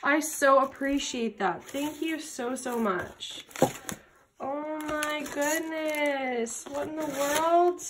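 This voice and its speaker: A woman hosting an unboxing vlog at a craft table, gushing with excited exclamations over each item. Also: sits high, extremely slow, noisy background. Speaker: craft channel host.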